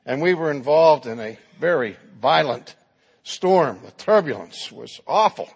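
A man's voice: on the high side, vocal fry, husky, big-room sound. A man preaching a sermon, telling the story dramatically and acting out the quotes.

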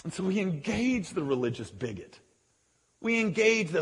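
A man preaching a sermon, animated and joking, who often drops into quieter asides between scripture readings. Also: high-pitched, moderate pace. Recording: long echoey hall reverb.

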